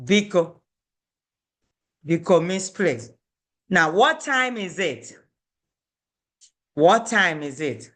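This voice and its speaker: This is a language teacher in the middle of a lesson, speaking at an unhurried pace at a mid pitch. The teacher repeats every phrase several times and keeps checking that the students follow. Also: big pitch swings, fairly bright tone. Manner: patient, repeats each phrase, checks in with "okay?".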